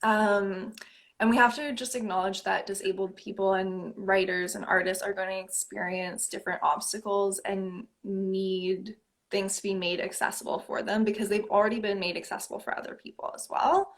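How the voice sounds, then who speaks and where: A woman poet talks through her ideas in a relaxed interview. She speaks reflectively, leaning on fillers like "um" and "like," and often breaks into a light laugh. Her pitch sits in an ordinary middle range. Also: normal speed. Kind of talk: casual conversational interview.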